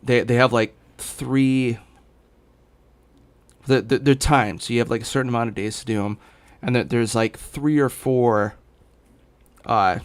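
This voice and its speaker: A man's voice: medium pitch, fairly even intonation, a little slow, pauses often, clean tone. A young man chatting casually as a gaming streamer, rambling with many fillers and restarts while hiccuping. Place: home in Los Angeles.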